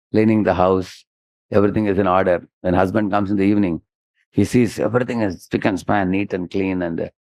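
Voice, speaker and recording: A man with an Indian English accent preaches in a low, gravelly voice. He tells devotional stories with lively gestures in his speech and keeps prompting his listeners. The recording is dry and close-miked. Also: dry recording. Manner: animated storytelling, frequent "huh?" prompts. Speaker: spiritual teacher giving a lecture. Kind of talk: devotional sermon with storytelling.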